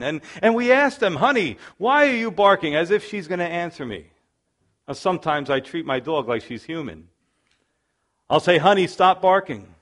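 A man preaching a sermon as pastor, moving between earnest prayer and conversational storytelling. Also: fairly high pitch.

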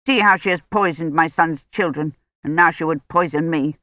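A woman voicing a feverish, bitter old noblewoman who speaks in a sharp, raised, accusing way, in a dull lo-fi recording. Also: sits low, moderate pace, dry recording, close to an everyday voice.

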